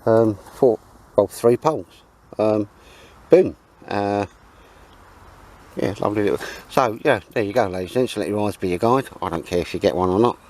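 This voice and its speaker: A man's voice: on the low side, normal speed, a little mellow. A British man chatting casually to camera in a camping vlog from the woods, rambling with cheeky asides. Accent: British English. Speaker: outdoor vlogger. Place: outdoors in woods at a camp.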